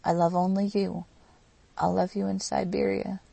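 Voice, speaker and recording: Overwrought young woman pleading, read by a woman, gravelly, mellow tone, audiobook. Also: medium pitch, little pitch movement, normal speed, no room sound, low-quality recording. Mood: fervent. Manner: emotional, pleading delivery.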